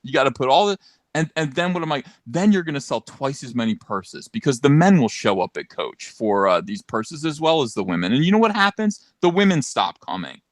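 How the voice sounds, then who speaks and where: A man co-hosting a podcast, ranting in a loud, mocking, animated way with sarcastic asides, into a studio mic. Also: mid-range voice, fairly quick, no room sound. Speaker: podcast co-host. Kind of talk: casual ranting commentary.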